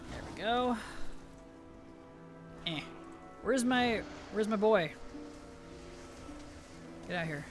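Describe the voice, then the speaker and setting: High-voiced man streaming a game. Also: lively intonation, drawn-out words, long pauses. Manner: chatty, reads and answers viewer chat with easy laughs. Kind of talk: casual live-stream chat while gaming. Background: background music.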